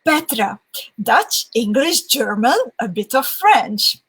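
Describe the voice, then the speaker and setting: A woman's voice: a little high, expressive, slow pace, a bit bright, husky, poor audio. A woman hosting a live beading session in a casual, chatty way. She reads viewer comments aloud and often laughs between them. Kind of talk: casual livestream chat.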